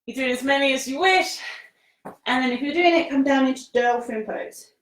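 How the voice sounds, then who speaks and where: Speaking at normal speed in a high-pitched voice, this yoga teacher cues breaths and poses for a live-streamed class while doing the exercises, a bit out of breath. Encouraging and laughing often, she uses casual British phrasing; the room echoes and her voice comes from some distance from the mic.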